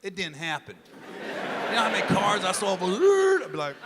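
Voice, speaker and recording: This stand-up comic's high voice swoops wildly in pitch as he talks a little fast, telling a sprawling, foul-mouthed story and voicing each person in it. The big hall is noisy, with the audience laughing throughout.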